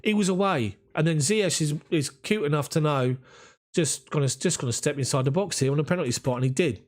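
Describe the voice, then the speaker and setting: Running a football fan channel, this London-accented Englishman hosts a live watch-along, speaking at a fairly high pitch and a fairly quick clip. He chats away, reading viewers' comments and thanking each by name.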